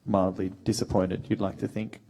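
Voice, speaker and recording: A man in his thirties, a guest actor on a convention panel, telling animated stories and acting out quotes with a laugh. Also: low-pitched, moderate pace. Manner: animated storyteller, acts out quotes, laughs often. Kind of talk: casual panel Q&A, anecdotes.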